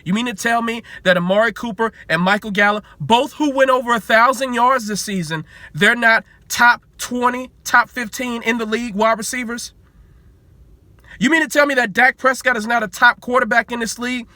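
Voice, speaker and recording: A man's voice: very high-pitched, moderate pace, sharp tone, no room sound. A man in his twenties, a sports vlogger, ranting in heated commentary with repeated rhetorical questions and free swearing.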